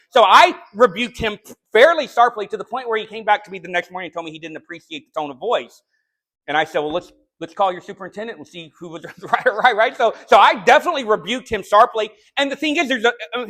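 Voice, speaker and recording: A man preaching a sermon, telling a story in a conversational way and then building to sharp, shouted rebukes. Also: sits high. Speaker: pastor. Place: church sanctuary.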